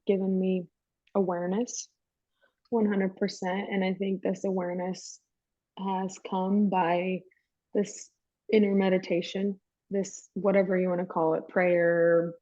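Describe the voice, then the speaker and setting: A woman's voice: mid-range voice, mellow, no echo. A woman guest telling her story in an emphatic, chatty way, with a dry, dull lo-fi sound. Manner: emphatic, chatty, calls listener "girl". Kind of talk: candid personal storytelling.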